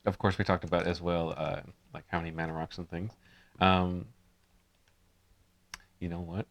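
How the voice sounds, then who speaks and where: A man with a lowish voice co-hosts a loose casual chat. He explains things in halting bursts, restarting phrases as he goes, in a relaxed everyday tone. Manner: halting, stumbles over restarts while explaining. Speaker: podcast co-host.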